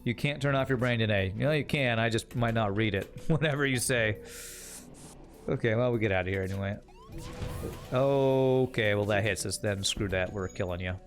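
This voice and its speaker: A man's voice: fairly low pitch, moderate pace, soft background music. A young man streaming a game, casually commenting on play and teasing his chat in a wry way. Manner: wry, teasing, talks to chat while playing.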